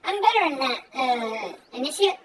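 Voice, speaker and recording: A woman's voice: sits high, sing-song, normal speed, distant mic, noisy background. A woman reading a game's dialogue, voicing a boozy, blustery old male sailor in a thick put-on brogue. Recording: game music playing underneath.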